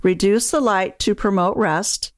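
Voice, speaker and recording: Calm, measured woman narrating, dry sound. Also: mid-range voice, no echo. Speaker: dementia care coach. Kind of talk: scripted narration.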